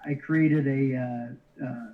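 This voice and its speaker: A man's voice: mid-range voice, fairly even intonation. A middle-aged man telling his story as an interview guest, casually, with lots of restarts and easy chuckles. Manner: halting, many restarts, easygoing chuckles. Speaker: interview guest, card shipper. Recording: slightly dull lo-fi audio.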